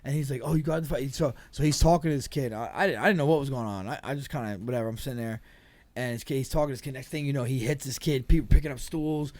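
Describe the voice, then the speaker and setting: A man from New Jersey, a former football player guesting on a podcast, telling stories in a swearing, animated, stumbling way. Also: medium pitch. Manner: profane, animated storyteller with quick restarts. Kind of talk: casual storytelling chat.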